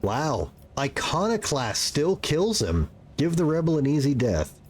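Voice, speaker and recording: A man's voice: on the high side, sing-song. A man streaming a role-playing game live, reacting casually and swearing freely. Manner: casual, profane, quick reactions.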